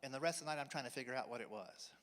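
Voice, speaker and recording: A man's voice: mid-range voice, rapid-fire, a bit bright. A man in his forties doing a folksy stand-up routine, telling family stories with a drawl in a church hall. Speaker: stand-up comedian. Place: church hall, live audience. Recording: reverberant hall.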